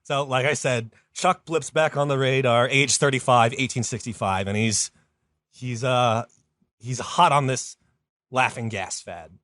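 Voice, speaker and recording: A man hosting a comedy podcast, telling a story in a rambling, casual way with lots of fillers, and jumping up in pitch when he quotes someone. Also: measured pace, a bit bright, no echo, clean studio sound. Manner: rambling, many fillers, jumps high for quoted voices.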